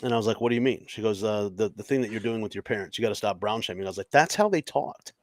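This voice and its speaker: A stand-up comedian telling stories in a casual podcast chat, animated and laughing often. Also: male voice, lowish voice, rapid-fire, no room sound.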